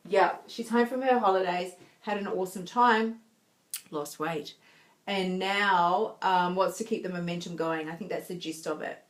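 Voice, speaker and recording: A woman's voice: on the low side, takes it slowly, pauses often. A woman, a health coach chatting casually with viewers on a live stream, laughing often and giving encouraging advice.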